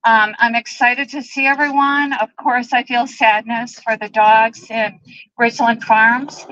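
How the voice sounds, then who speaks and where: A woman with a fairly high voice addresses a rally outdoors, emotional and halting, pausing often with ums. The sound is dry and a bit dull, like a live stream. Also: steady tone, bright, forceful tone, no room sound. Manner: emotional, halting, many ums, tearful at times. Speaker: animal rights group president speaking at a rally. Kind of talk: public speech at an outdoor protest. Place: outdoor protest march.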